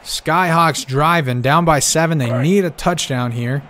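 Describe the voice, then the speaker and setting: A man calling a simulated football game play by play. He gets excitable, rises to shouts on big plays, and keeps talking straight to the listeners as folks. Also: fairly high pitch, measured pace, slight background noise. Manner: talks directly to the audience, calling them folks. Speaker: play-by-play commentator.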